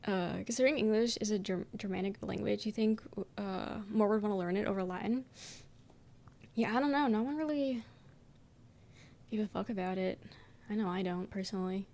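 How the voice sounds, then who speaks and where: A woman's voice: medium pitch, brisk, darkish tone. A young adult woman streaming and chatting casually with her viewers, reading their messages aloud and rambling with lots of "um" and "like" and casual swearing. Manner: rambling, filler-heavy, swears casually, frequent "um".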